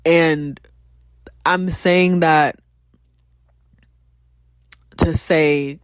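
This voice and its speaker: A mid-pitched podcast host talks things through in a loose, impassioned ramble, swearing freely and breaking into laughs. The sound is dry and close. Fillers and restarts carry the thinking-aloud flow. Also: steady tone, very slow, smooth, dry recording. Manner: passionate, rambling, frequent profanity. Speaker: teacher. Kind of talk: casual podcast talk.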